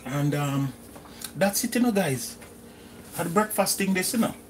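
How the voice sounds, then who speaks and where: A man's voice: high voice, animated, a little slow, slight background noise. A middle-aged Jamaican man chatting casually through a home cooking vlog in his kitchen, slipping into patois phrasing. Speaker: cooking vlogger.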